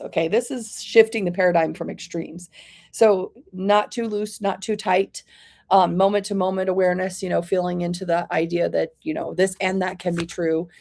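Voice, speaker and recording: With a fairly low pitch, a woman gives live oracle card readings, addressing viewers by name. She's gentle, reassuring and chatty, and she clears her throat often.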